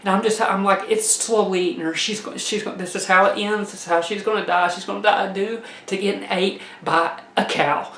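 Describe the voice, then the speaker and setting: A woman telling a comic tale in a folksy, animated way, laughing as she goes. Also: medium pitch, fairly quick, few pauses, reverberant. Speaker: storyteller. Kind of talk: comedic personal storytelling.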